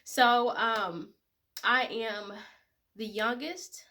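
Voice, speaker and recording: Bright-voiced emotional young woman vlogger. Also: a little high, extremely slow. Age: 20s. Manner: emotional, tearful at times, many fillers. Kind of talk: casual personal talk to camera.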